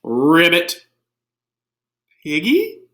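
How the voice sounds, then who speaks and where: A man voicing a silly young female pig in a storybook who insists she is a frog, speaking high and excited. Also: drawn-out words, heavily acted. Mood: playful.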